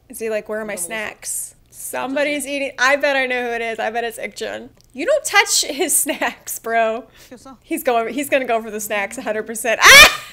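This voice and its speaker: Lively, bright-voiced woman reacting excitedly. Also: a little high, normal speed, slight background noise. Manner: excitable, laughs and gasps often; emotional, near tears. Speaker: reaction video host. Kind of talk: casual drama reaction commentary.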